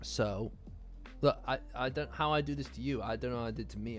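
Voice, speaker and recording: A man's voice: medium pitch, fairly quick. Tired, rambling male channel host. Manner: rambling, restarts often, yawning and joking with viewers. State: tired, yawning late at night. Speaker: anime and manga commentary channel host. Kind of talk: casual chat to viewers. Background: lo-fi background music.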